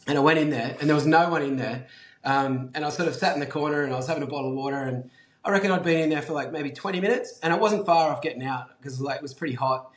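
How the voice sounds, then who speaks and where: A man with an Australian accent, a guest telling a story in a casual, animated way, swearing freely and saying "like" and "um" a lot. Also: a little high, fast talker, echoey room. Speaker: guest, brand founder.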